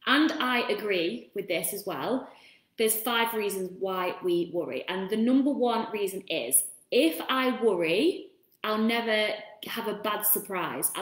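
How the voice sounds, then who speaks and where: Chatty woman in a roomy space. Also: mid-range voice. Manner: chatty, warm asides to viewers. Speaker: self-help host. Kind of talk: casual live-stream talk. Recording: roomy echo.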